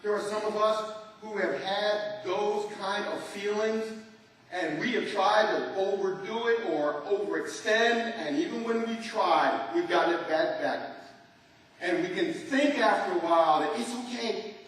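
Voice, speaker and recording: High-voiced preacher in an echoing hall. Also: male voice, measured pace. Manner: animated preaching, leads the congregation in call-and-response. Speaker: pastor. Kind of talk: sermon. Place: large church hall. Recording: echoey church hall from far off.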